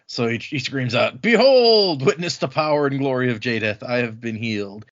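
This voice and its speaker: A man's voice: mid-range voice, steady tone, fairly bright tone, lo-fi sound. Man casually recapping a book. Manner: recaps the plot, acting out characters in quick asides. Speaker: podcast host. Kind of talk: casual book-club chat.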